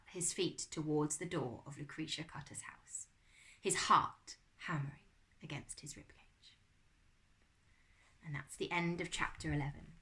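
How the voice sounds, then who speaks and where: Bright-voiced woman reading a story. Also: low-pitched, a little slow. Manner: expressive storytelling. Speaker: primary school teacher. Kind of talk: reading a children's novel aloud.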